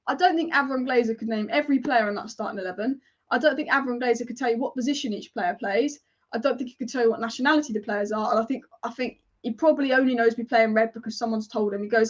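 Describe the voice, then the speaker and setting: A woman's voice: on the high side, quick pace, muffled recording. A woman hosting a live football watch-along, chatty, opinionated and often exasperated.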